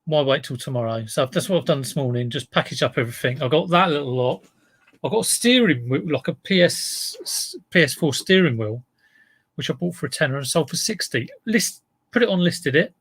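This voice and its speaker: A man's voice: fairly high pitch, expressive, brisk, a bit bright, husky, no room sound. Chatty man greeting viewers. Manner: chatty, greeting viewers by name, rambling asides. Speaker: online reseller streaming live. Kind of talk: casual live-stream chat. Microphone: desk mic in front of him.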